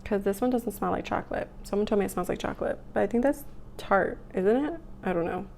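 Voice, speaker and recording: A young woman chatting casually while doing her makeup, rambling with lots of fillers, her voice rough from the morning. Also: mid-range voice, fast, darkish tone, a little hiss or hum. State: morning voice, clearing throat. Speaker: beauty vlogger. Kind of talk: casual get-ready-with-me chat.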